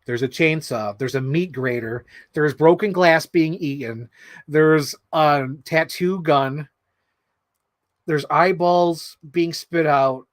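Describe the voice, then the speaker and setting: A man chatting casually while building an action figure, rambling and excitable, swearing freely and acting out quotes. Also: on the high side, no room sound. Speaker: toy unboxing vlogger.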